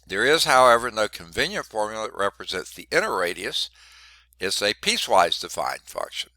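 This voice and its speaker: A man's voice: fairly low pitch, sing-song, fairly quick, sharp tone, dry recording. Congested man lecturing on calculus. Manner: stops to clear his throat, wry asides. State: congested, short of breath. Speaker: math instructor. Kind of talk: classroom lecture.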